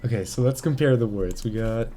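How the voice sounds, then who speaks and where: A man's voice: fairly low pitch, brisk, mellow, faint music behind. A young German man streaming a game, chatting casually in English with a German accent, ranting and swearing in exasperation. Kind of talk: casual live-stream chat.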